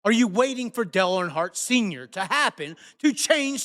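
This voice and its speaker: A man hosting a live show, ranting angrily and cursing, swinging between shouts and mutters. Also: high voice, sing-song, normal speed, big-room sound. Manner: heated, profane, shifts from shouting to muttering. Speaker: host. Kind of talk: angry live rant.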